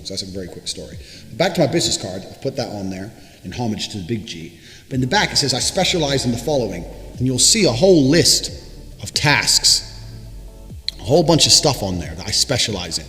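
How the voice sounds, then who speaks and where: Brash, boastful young man, rapid profane pitch to camera; roomy echo, light music bed. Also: fairly bright tone. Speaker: motivational speaker. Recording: echoey room with long reverb, faint music.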